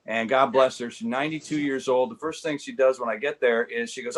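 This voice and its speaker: A man in his sixties telling comic stories over a video call, rambling and halting with lots of fillers and dry, self-mocking punchlines. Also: medium pitch, fairly even intonation. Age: 60s. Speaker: comedian guest. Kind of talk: stand-up storytelling.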